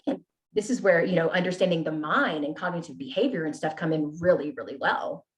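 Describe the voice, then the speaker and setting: A woman's voice: low voice, fairly quick. A woman guest telling her personal story in an earnest, candid way, often checking in with "right?" and "you know?". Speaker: podcast guest.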